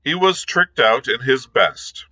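A male librarian reading a classic novel aloud in a measured storytelling manner. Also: mid-range voice, expressive, sharp tone, low-quality recording. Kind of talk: read-aloud narration.

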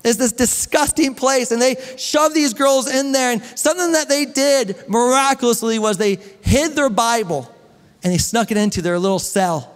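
A man's voice: extremely high pitch, normal speed. A man preaching a sermon as a pastor, telling a story, asking the congregation questions and joking with them. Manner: storytelling, asks the congregation questions, jokes and laughs. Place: church hall with long reverb. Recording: echoey church hall.

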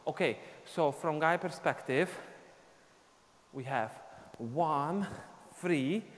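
A man's voice: a little high, slow pace. A man teaching a live online dance class, explaining steps and counting beats aloud as he dances. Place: dance studio. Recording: long reverb, faint ambient noise.

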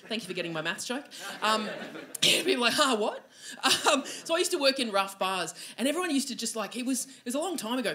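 An Australian woman in her forties doing a brash, sweary stand-up comedy set on a comedy venue stage. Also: medium pitch. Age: 40s. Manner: brash, sweary, loud bursts. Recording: noisy live club with crowd. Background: audience laughter.

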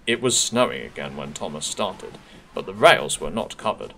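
A man reading a children's railway storybook aloud with expressive narration. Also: on the low side, moderate pace, vocal fry. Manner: expressive, gently paced narration.

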